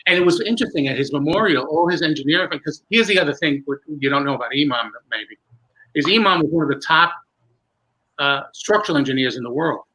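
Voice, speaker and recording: A man, a magician, telling animated stories in conversation and building suspense as he goes. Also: fairly high pitch, quick pace, poor audio. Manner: lively, building suspense with self-interruptions. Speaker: magician recalling a fellow performer.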